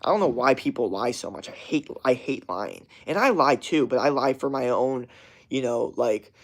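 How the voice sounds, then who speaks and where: A man's voice: medium pitch, animated, normal speed. Swearing, rambling young man ranting. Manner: heavy swearing, rambling with many fillers and restarts. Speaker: streamer. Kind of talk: casual rant to a live chat.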